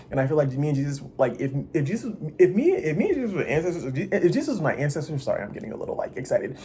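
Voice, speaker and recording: With slight background noise behind him, a mellow-voiced man vlogs a casual confessional monologue. He rambles restlessly, curses, interrupts himself, and alternates between loud outbursts and quiet muttering.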